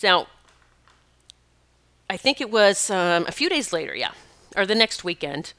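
Bright, crisp-voiced woman telling a story. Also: medium pitch, measured pace. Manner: rambling, self-correcting, lively retelling. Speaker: podcast host. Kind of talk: casual personal storytelling.

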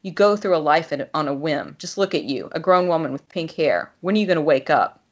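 A snarky, sneering grown man picks a fight, his voice sitting low and taunting, read aloud by a woman author. The sound is dull and lo-fi. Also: lively intonation, brisk.

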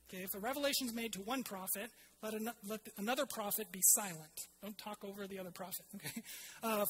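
A woman's voice: medium pitch, quick pace, slight background noise, poor audio. A woman preaching a sermon to her congregation in a conversational way, with fillers and restarts.

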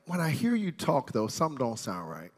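Old father, low hushed drawl, puzzled, in a reverberant hall, put on by a male preacher. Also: wildly swooping pitch, fairly quick, breathy edge.

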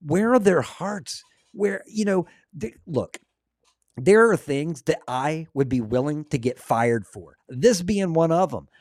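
Excitable man preaching casually. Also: on the high side, unhurried, no room sound, studio quality. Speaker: host. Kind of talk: casual religious commentary.

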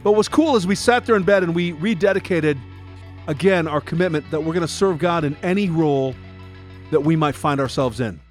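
A middle-aged man hosting a Christian devotional podcast, talking earnestly in a preachy way and building up to shouted rhetorical questions. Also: fairly high pitch, brisk, faint music behind. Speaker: podcast host.

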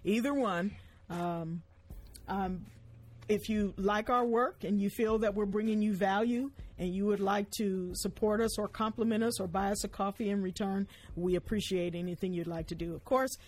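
Woman gospel radio host, husky breathy voice, chatty, says things twice so they stick. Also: mid-range voice, steady tone, moderate pace, darkish tone. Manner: chatty, repeats points for emphasis. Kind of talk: casual radio chat. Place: radio studio.

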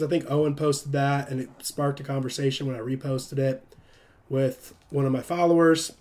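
A young man hosting a livestream, preaching in a casual, emphatic rant and often breaking into self-mocking laughter. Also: a little high. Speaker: livestream host.

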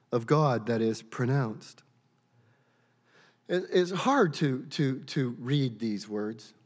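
A man preaching a sermon in an earnest, questioning way, often stumbling and repeating words as he thinks aloud. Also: fairly high pitch. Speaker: pastor. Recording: long reverb of a large hall.

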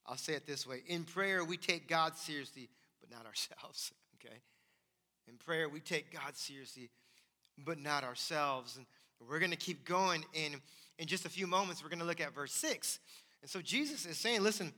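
A pastor preaching in a church with a high, bright, forceful voice. He talks conversationally and with emphasis, tossing "right?" to the congregation, and a long reverb hangs in the hall. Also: expressive, moderate pace. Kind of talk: sermon. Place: church sanctuary.

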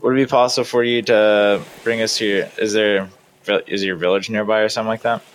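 Hesitant low-voiced male player. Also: fairly even intonation, brisk, slight background noise. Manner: hesitant, questioning. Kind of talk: casual tabletop game chat.

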